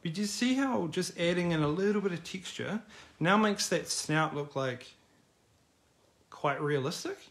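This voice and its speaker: A man's voice: sits high, animated, unhurried, fairly bright tone. A middle-aged man teaching a live online drawing class in a casual, encouraging, chatty way. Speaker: art teacher.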